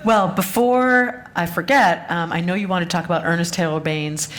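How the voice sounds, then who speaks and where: A woman's voice: fairly low pitch, moderate pace. A woman hosting a live stage interview, steering the talk with brief encouraging remarks. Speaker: host.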